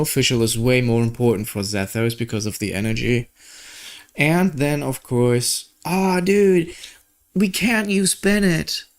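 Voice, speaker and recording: A young man from Germany with a German accent, giving casual gameplay commentary, excitable and swearing at the game. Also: mid-range voice. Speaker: gaming streamer.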